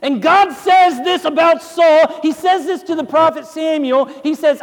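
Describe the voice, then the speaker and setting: A man's voice: very high voice, unhurried, hardly any pauses, long reverb tail. A male pastor preaching a sermon, telling the story dramatically and asking his listeners rhetorical questions.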